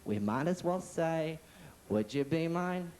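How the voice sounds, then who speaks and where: A man on a comedy stage impersonating a gentle, soft-spoken children's TV host, slow and singsong while he teases the audience. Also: on the high side, lively intonation. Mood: gentle teasing. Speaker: stand-up comedian. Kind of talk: stand-up impression. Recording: noisy 1980s TV comedy club recording.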